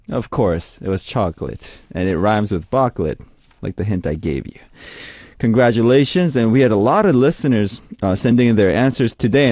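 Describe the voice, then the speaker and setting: A man's voice: medium pitch, darkish tone, dry recording. A man hosts a radio music show in an upbeat, friendly way. He reads out listener messages and introduces songs. His voice sits mid-range and sounds dry and close in the studio. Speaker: radio DJ host.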